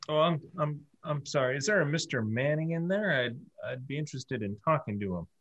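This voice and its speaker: A man's voice: a little high, animated, fairly quick, fairly bright tone, lo-fi sound. A man playing his character in a tabletop horror game, flustered and apologetic. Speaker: player.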